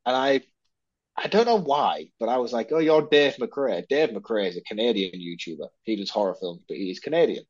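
A man's voice: fairly low pitch, expressive, a little fast, husky, dry recording, highs cut off. A man co-hosting a podcast in casual chat, telling rambling, self-mocking stories. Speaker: podcast co-host.

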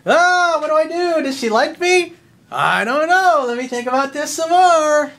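Man mimicking a fretful, indecisive young guy, high and whiny. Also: expressive, normal speed, fairly bright tone, heavily acted. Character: anxious dithering young man, unsure of himself.

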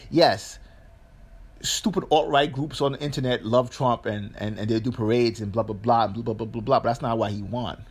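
A middle-aged man giving a blunt, profane political commentary monologue, full of rhetorical questions. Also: medium pitch.

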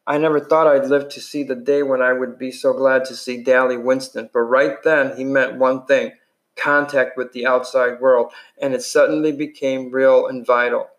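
A man's voice: mid-range voice, level tone, normal speed. A man reading a first-person novel aloud in an unpolished way, stumbling and restarting now and then. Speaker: reader.

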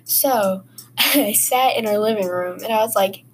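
The recording is rough with a bit of background noise, and her mid-range voice moves a little slowly. She's a podcast host chatting through personal stories, rambling casually and leaning on lots of fillers.

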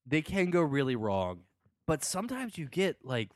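A man's voice: fairly high pitch, wildly swooping pitch, moderate pace, no room sound, studio quality. A man, a stand-up comedian, chatting casually about movies in a rambling way, acting out scenes in quoted voices. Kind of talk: casual chat.

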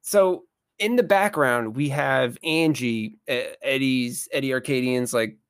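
A mid-pitched man chatting on a podcast, retelling scenes loosely with lots of fillers and quick laughs. His voice sits close and dry with no room sound. The talk is relaxed and conversational. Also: clean tone, no echo. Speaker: podcast co-host. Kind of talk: casual movie-review chat.

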